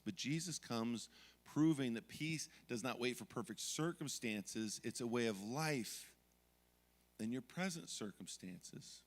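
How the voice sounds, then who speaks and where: A middle-aged man preaching a sermon as pastor, telling stories from family life and acting out yelling moments. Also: mid-range voice, lively intonation, unhurried, long reverb tail. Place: church sanctuary.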